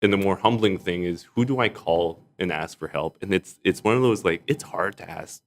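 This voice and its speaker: A young man with a deep, low voice talks in a relaxed podcast chat. He tells his stories with energy and laughs often mid-sentence. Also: moderate pace. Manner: animated, laughs often while telling stories. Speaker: arts executive director and stage actor, podcast guest. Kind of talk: casual storytelling in a podcast chat.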